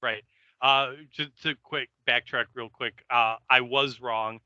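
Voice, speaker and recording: A man co-hosting a podcast, chatting casually about an episode with dry asides and halting restarts. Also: medium pitch, fairly even intonation, bright, forceful tone, clean tone, no echo, highs cut off. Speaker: podcast co-host. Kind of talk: casual recap chat.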